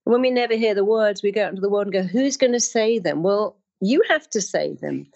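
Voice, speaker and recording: A woman's voice: medium pitch, expressive, fast, creaky, darkish tone, dull audio. A woman speaking as a therapist, telling personal stories and acting out the voices of the people in them. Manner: storytelling, acts out quoted voices. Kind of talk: motivational talk with personal stories.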